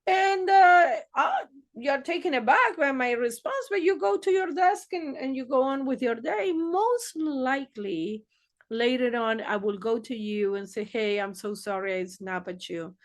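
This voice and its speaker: Woman therapist, blunt and profane, unhurried, slightly high voice. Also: animated. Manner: blunt, swears freely, acts out quoted exchanges. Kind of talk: casual advice monologue.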